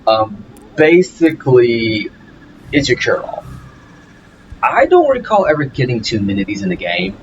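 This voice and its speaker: A very animated man with a medium-pitched voice narrates his let's play a little slowly, pausing often, with game music in the background. He talks casually, with many fillers and restarts, over dull audio and slight background noise.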